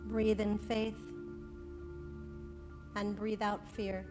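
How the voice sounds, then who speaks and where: A woman minister giving a sermon, then leading a slow, soothing guided breathing meditation at a church service. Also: mid-range voice, flat delivery, long reverb tail, over music.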